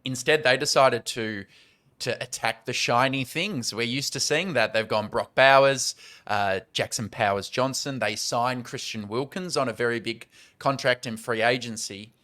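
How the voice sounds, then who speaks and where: An Australian man hosting a sports podcast, talking through teams in a chatty, analytical way. His voice sits at an ordinary middle pitch. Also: normal speed, pushed and bright. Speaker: podcast host.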